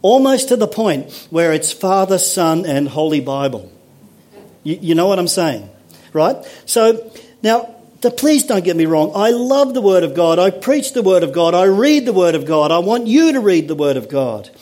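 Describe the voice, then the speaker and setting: A fairly high-voiced man delivers a sermon to his congregation. He is earnest and emphatic, repeating key phrases and checking in with rhetorical questions. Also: very animated, normal speed, a little mellow. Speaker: pastor.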